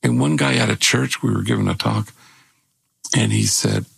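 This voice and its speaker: An older man with a gravelly, husky voice, telling stories in casual conversation as a guest and lifting his voice when he quotes people. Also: on the low side, moderate pace, no room sound. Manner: animated when acting out quotes. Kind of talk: conversational storytelling.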